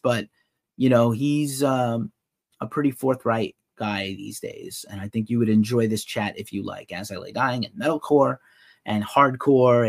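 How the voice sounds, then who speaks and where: A man's voice: lowish voice, no echo, studio quality. A man hosting a live rock and metal news podcast, chatting loosely and reacting to viewer comments as he goes. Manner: loose, rambling, reads chat comments aloud. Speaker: podcast host. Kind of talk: casual live news show chat.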